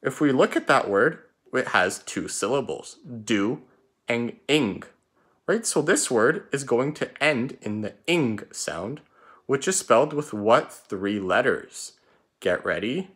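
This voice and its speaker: A male teacher leading an online spelling class, with a bright, clear voice. He speaks slowly and spells each letter out deliberately. His pitch rises and falls a lot, in a lively classroom way. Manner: slow, drawn-out letter-by-letter dictation.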